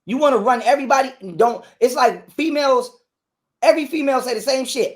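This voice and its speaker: A man, ranting in a heated interview, profane and repetitive, acting out quotes loudly. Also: very high-pitched, a little fast. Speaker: guest telling his side of a breakup.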